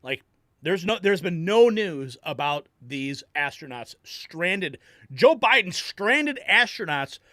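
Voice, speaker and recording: A male host delivering excitable political news commentary, reacting to clips. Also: high voice, takes it slowly, dry recording, studio quality.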